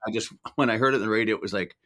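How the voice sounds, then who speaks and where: A man's voice: fairly low pitch, racing, fairly bright tone. Older Irish-born man spinning stories. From Ireland. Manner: rambling anecdotes with laughs and acted-out quotes. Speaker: podcast guest. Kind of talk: casual storytelling.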